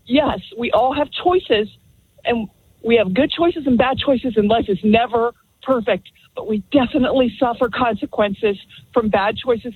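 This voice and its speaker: A woman's voice: a little high, slightly rough. Impassioned woman caller on a phone line. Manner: firm, impassioned, deliberate. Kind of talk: call-in radio talk.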